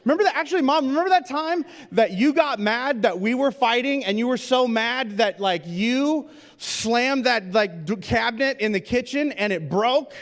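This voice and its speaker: A cheeky teenage boy, mouthy and needling, put on by a man telling a story from the pulpit, his voice pushed up high and loud. The words ring out with a long hall reverb behind them. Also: lively intonation, normal speed. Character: mouthy teenage boy, smart-aleck and taunting.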